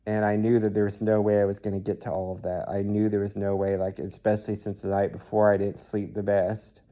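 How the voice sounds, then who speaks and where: A weary man talking in a personal video diary, halting and soft-spoken, with many fillers and restarts. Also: lowish voice. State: weary and tired. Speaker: vlogger.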